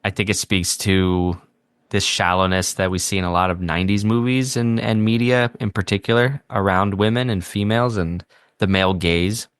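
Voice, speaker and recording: A man's voice: lowish voice, fairly even intonation, moderate pace, clear, resonant tone, no room sound, studio quality. A man co-hosting a podcast, talking about a movie in a wry, sardonic way. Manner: wry, sardonic, quotes lines with mock voices. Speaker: podcast co-host. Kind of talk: casual movie review chat.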